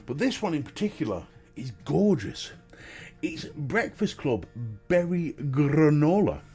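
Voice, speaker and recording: A man's voice: a little high, big pitch swings, measured pace, dark tone, breathy edge, soft background music. A man with a Northern English accent hosting a casual live stream, chatting and greeting viewers and laughing often. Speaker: live-stream host and vape reviewer.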